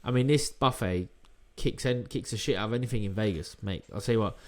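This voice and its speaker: A man, a former boxer co-hosting a podcast, telling stories in an animated, swearing, laughing chat. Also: on the low side, brisk. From England. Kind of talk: casual storytelling chat.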